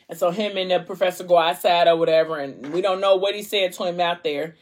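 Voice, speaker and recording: A woman's voice: on the low side, quick pace, hardly any pauses. A young adult woman casually retelling a story, chatty and acting out the characters' quoted lines.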